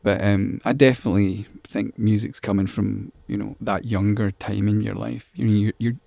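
Man, low gravelly voice, dark tone, dry close sound, rambling casual interview talk. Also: fairly even intonation, normal speed, no echo. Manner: rambling, repeats words while thinking. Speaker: musician guest.

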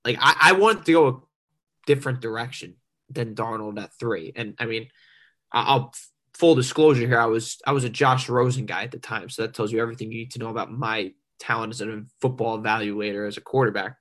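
A man's voice: medium pitch, a little fast, fairly bright tone. A young man co-hosting a sports podcast, talking with enthusiasm and frequent stammered restarts. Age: young adult. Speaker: podcast co-host. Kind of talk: casual sports podcast chat.

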